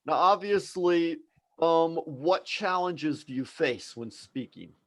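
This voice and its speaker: A man's voice: on the high side, expressive, slow pace, poor audio. A man hosting a live online English class, explaining things in an encouraging, conversational way.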